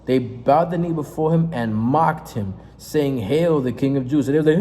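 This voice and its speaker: A man preaching in a fiery, confrontational sermon, reading scripture aloud and breaking off into profane, emphatic asides with a steady "right?". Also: mid-range voice, moderate pace. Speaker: street preacher. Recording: reverberant space with faint noise.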